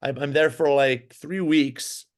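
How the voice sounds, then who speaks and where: A podcast guest and former pro goalie from Minnesota tells a rambling career story in a casual interview, with plenty of restarts and "um"s. His voice is a little high for a man, his pace is measured, and he tumbles animatedly from point to point.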